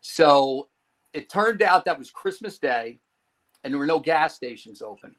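A man's voice: on the high side, measured pace, poor audio. A man from New Jersey, a podcast guest telling a long personal story, acting out the people in it and swearing casually. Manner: animated storyteller who acts out quoted people and swears casually.

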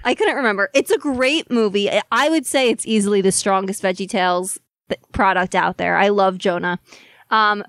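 A woman's voice: mid-range voice, moderate pace, fairly bright tone, dry recording. A young woman co-hosting a podcast, telling stories in an enthusiastic, casual way. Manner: enthusiastic, storytelling. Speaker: podcast co-host. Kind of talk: casual chat.

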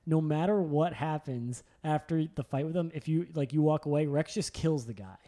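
A young man chatting casually and excitedly, rambling with lots of filler words and swearing. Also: a little high, normal speed. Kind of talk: casual chat.

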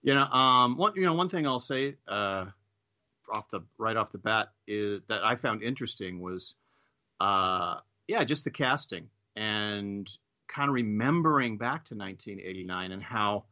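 A man with a low, tense and forceful voice guests on a casual podcast. He speaks haltingly and keeps searching for the right word. The sound is dull and lo-fi. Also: expressive.

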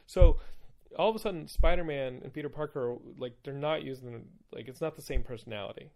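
A podcast host with a mid-range, darkish voice talks at a quick pace while recapping comic books. His delivery is casual, loose and rambling, profane and packed with fillers.

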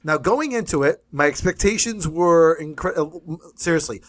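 A man co-hosting a casual podcast, talking in quick, jokey banter about movies and songs. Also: on the high side, lively intonation. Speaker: podcast co-host. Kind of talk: casual chat.

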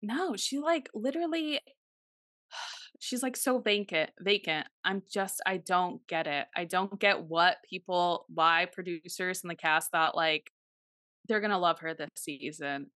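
A woman co-hosting a casual podcast, her voice bright and forceful, recorded dry and close. She talks in an animated way, swears freely and acts out other people's quotes. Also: fairly low pitch, unhurried, no echo. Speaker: podcast co-host. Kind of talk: casual chat.

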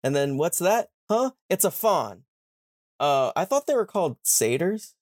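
A young man hosting a podcast, casually retelling a story and slipping into quick character voices. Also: fairly high pitch, sing-song, no room sound, studio quality. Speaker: podcast host.

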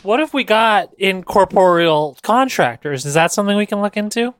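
A woman's voice: medium pitch, expressive, smooth, no echo, clean studio sound. Wry woman bantering on a podcast. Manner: wry, quick to push back. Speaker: podcast co-host. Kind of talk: casual comedic chat.

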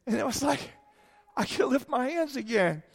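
Male pastor in his 50s, high voice, sermon with long hall reverb, candid storytelling. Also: animated, moderate pace, creaky, slightly rough, faint music behind. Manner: candid storytelling, swings from hushed to exclaiming.

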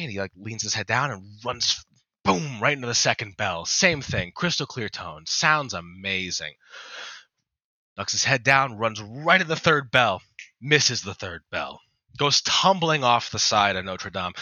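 A man's voice: lowish voice, sharp tone, no room sound. A man co-hosting a podcast, telling a long joke in a rambling, casual way with restarts and swearing. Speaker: podcast co-host.

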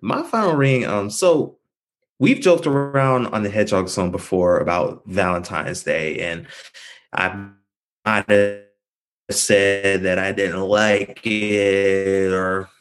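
A man co-hosting a casual podcast, talking in a playful, animated way. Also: fairly low pitch, slow. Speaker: podcast co-host.

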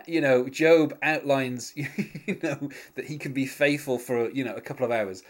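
A man's voice: medium pitch, slow. A man chatting casually on a podcast, laughing often and talking with lots of fillers and restarts. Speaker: podcast host. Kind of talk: casual chat recapping a TV episode.

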